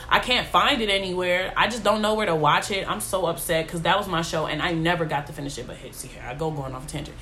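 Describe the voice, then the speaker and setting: A woman's voice: deep voice, bright, forceful tone, slight background noise. A young woman, hosting a casual podcast monologue in a blunt, rambling way that drifts off on tangents. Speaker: podcast host.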